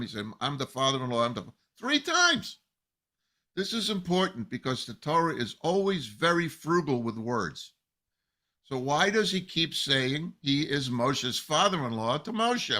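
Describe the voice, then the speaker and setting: A man, a rabbi, teaching a Torah lesson with animated storytelling, acting out the people in the text. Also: medium pitch.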